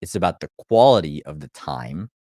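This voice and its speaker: A man's voice: rumbling low, lively intonation, moderate pace, darkish tone, dry recording, clean studio sound. A man, a life coach, giving a live motivational talk to viewers, blunt and profane, driving points home with repeated phrases. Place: live stream.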